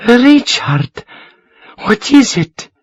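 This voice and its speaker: High playful pouty young woman, as a guy reading a novel puts her on, teasing, dry close sound. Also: sing-song, extremely slow, husky, dry recording, muffled recording, heavily acted. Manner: pouting, playful.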